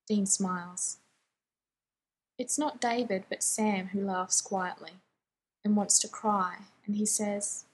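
Very breathy woman reading fan fiction. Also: medium pitch, steady tone, slow, low-quality recording. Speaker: narrator.

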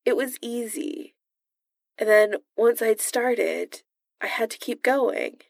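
A woman voicing a guarded man in armor who talks low, clipped and reluctant. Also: expressive, unhurried, dry recording, studio quality, full character voice. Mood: hesitant.

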